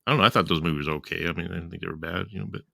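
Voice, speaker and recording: A man's voice: sits low, racing, creaky, bright, forceful tone, dry recording, clean studio sound. A man co-hosting a podcast, chatting in a laid-back, rambling way. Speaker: podcast co-host. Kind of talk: casual chat.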